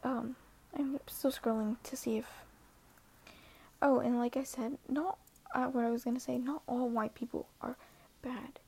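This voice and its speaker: A woman's voice: a little high, fairly even intonation, a little slow, creaky, darkish tone, slightly rough. A teenage girl talking earnestly and hesitantly in a casual vlog, often dropping to a half-whisper. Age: teens. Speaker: social media poster.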